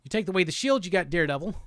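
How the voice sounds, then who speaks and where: A man's voice: high-pitched, expressive, rapid-fire, a bit bright, no echo, clean studio sound. A man hosting a live show, chatting loosely and profanely while reading viewer comments aloud. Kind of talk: casual livestream chat.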